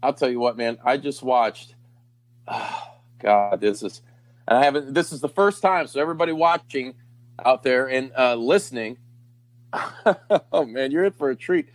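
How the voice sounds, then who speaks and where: A man's voice: mid-range voice, lively intonation, normal speed, long pauses. A man hosting a podcast, telling a long story in a rambling, profane, laughing way. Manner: rambling, swears a lot, laughs often. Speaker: podcast host. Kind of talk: casual profane chat.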